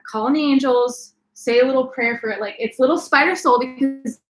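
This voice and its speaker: A young woman co-hosting a casual live chat, telling a personal story in an animated way, often saying "like". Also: sits high, fairly quick, reverberant. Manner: animated, breaks into laughs and shrieks while retelling. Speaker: co-host of a live stream.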